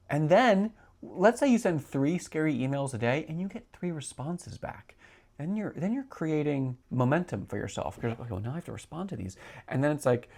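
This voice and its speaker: Chatty male podcast host, gravelly voice. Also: mid-range voice. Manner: chatty, rambling, lots of filler words. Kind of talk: solo podcast chat.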